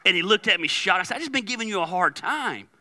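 Bright-voiced pastor telling stories. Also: male voice, high-pitched, animated, fast talker. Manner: conversational storytelling with laughs and quoted dialogue. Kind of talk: sermon.

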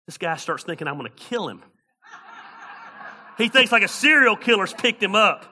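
A middle-aged man preaching a sermon as pastor, swinging from loud preaching to quiet storytelling, with folksy slang. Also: high-pitched, big pitch swings, normal speed, pauses often, slightly rough.

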